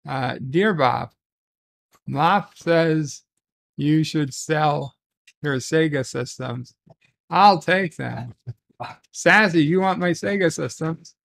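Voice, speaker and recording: A man with a gravelly, creaky voice, pitched a little high for a man, reads viewer letters aloud on a casual solo stream. He talks very slowly, trips over his words and drops into muttered asides. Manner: slow, halting, with frequent restarts and muttered asides. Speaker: host reading viewer messages. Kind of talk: casual solo livestream chat.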